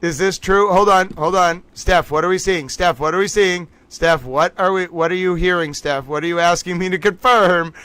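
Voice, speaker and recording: A man's voice: sits high, normal speed, few pauses, sharp tone, clear, resonant tone. A man hosting a livestream, thinking aloud, exclaiming and laughing as he reacts live to news. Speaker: livestream host. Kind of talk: excited live reaction commentary.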